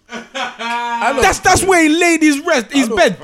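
A young man rants about football in heated casual chat, exasperated and circling back on his own points. His voice sits high and swings widely as he vents. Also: lively intonation, slow, a crowd in the background. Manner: exasperated, ranting, repeats himself. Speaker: football podcast co-host.

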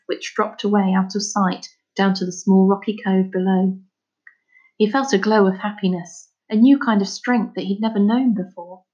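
A woman reading a children's book aloud, narrating in a calm, steady way. Her voice sits at a middling pitch. The recording has a slightly dull, lo-fi sound. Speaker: reader. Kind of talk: storybook read-aloud narration.

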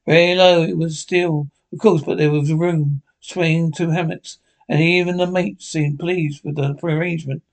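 A man narrating an audiobook in a plain, steady reading voice. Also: a little high, normal speed, few pauses. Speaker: audiobook reader.

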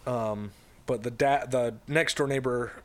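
A man casually retelling a story to a friend on a podcast, wandering and backtracking as he goes. His voice sits at an ordinary middle pitch. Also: a little slow. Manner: rambling storyteller with many fillers and restarts. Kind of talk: casual chat.

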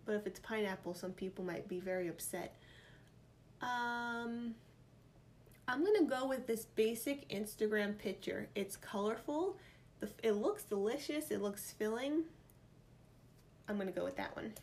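A woman's voice: medium pitch, unhurried, long pauses, darkish tone. A woman with a New York accent, vlogging in casual chat, reading out quiz options and thinking aloud playfully. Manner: chatty, playful, reads options aloud and muses.

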